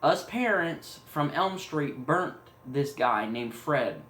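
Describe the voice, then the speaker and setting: A man's voice: a little high, animated, slow, a bit bright, pitched below the performer's own voice. Man voicing a flustered worried mother, horror story, echoey room. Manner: plain quoted speech in a storyteller's voice.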